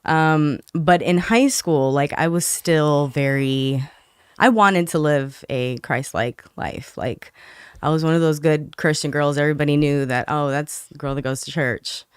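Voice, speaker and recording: Guest woman, soft-spoken and hesitant, smooth clear voice, dry close mic. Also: low-pitched, no room sound. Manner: soft-spoken, quick to laugh, hesitant with many ums. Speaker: podcast guest. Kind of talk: casual interview, personal testimony.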